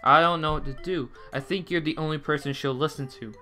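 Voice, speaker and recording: Young male let's player: bright, slightly high, excitable, game music underneath. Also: a little fast. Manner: jumpy, swearing, dramatic outbursts. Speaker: gameplay commentator. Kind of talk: let's play commentary reading game dialogue aloud.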